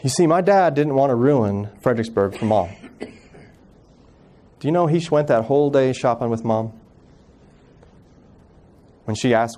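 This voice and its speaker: A man in his thirties giving an earnest personal storytelling talk as a guest speaker, acting out family members' words softly. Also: medium pitch, lively intonation, measured pace, pauses often. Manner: earnest, acts out quoted family voices softly.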